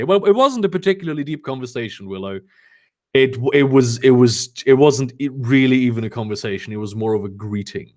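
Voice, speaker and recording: At home in Germany, a young man reads fanfiction aloud on a live stream in a brisk, mid-range voice. He keeps breaking off for sarcastic, profane commentary, animated asides, and chats with viewers.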